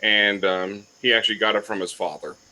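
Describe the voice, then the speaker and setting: A man playing a tabletop game, describing his character's gear in an unhurried, hesitant way. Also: lowish voice, steady tone, bright, forceful tone, poor audio. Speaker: player.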